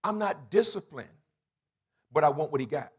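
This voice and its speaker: A husky, slightly high-pitched man in his sixties preaches a sermon. He tells stories and circles back on phrases for emphasis, dropping to quiet asides and then rising to loud calls. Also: animated, moderate pace. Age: 60s. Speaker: pastor.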